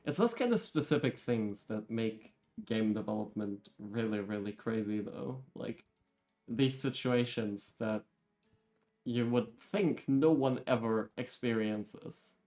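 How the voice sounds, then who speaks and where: A man's voice: fairly low pitch, animated, slow, darkish tone, faint music behind. Easygoing male game developer on stream. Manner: easygoing, laughing often. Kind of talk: casual livestream chat.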